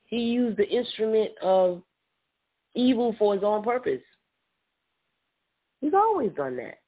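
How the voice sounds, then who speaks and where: A preacher giving an informal Bible teaching, reading scripture aloud, often repeating words and affirming with a quiet mm-hmm. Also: mid-range voice, very animated, a little slow, slightly rough. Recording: tinny phone-line audio.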